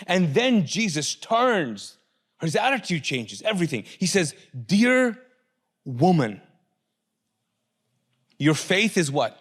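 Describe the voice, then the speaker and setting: A man's voice: high-pitched, slow, pauses often, breathy edge. A middle-aged male pastor preaching a sermon, asking the congregation questions and acting out the voices of people in the story. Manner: animated, acts out quoted voices, asks the congregation questions.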